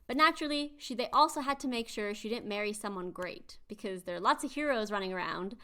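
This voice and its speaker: A woman's voice: medium pitch, lively intonation, fast talker, bright, forceful tone. A woman hosting a podcast, chatting animatedly as she retells myths with quiz-like asides. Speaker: podcast host. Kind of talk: casual chat retelling myths.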